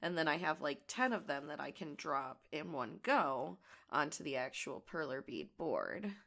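A woman with a gravelly voice today, chatting casually and rambling as she crafts. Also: sits low, sing-song, unhurried, pushed and bright. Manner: rambling and chatty, many fillers. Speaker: audio creator and crafting vlogger. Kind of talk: casual chat while crafting.

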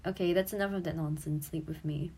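A woman's voice: low voice, steady tone, quick pace, warm tone, husky. A woman in her twenties, an audio creator and streamer, chatting casually and giggling as she looks back on her old posts, swearing freely.

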